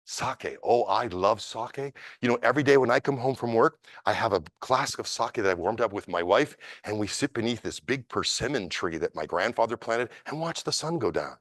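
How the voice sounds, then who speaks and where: Man playing a small kindly old man, soft soothing voice, storytelling, dry sound. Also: a little high, fairly quick, vocal fry, no echo, voice pushed up. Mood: gentle. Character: small, gentle older man in a hakama, calm and kindly.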